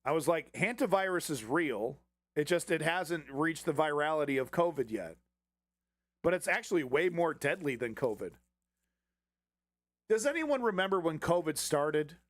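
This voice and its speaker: A man's voice: fairly high pitch, very animated, moderate pace, no room sound. A man hosting a political commentary stream, ranting with heavy swearing and sarcastic mockery. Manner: sarcastic, swears often, mocks opponents in put-on voices.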